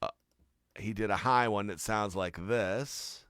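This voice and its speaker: A man's voice: fairly low pitch, slow pace, a bit bright, dry recording. A man producing music, giving a casual, chatty walkthrough of a song's mix in his studio. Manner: laid-back, chatty, friendly tour of a mix.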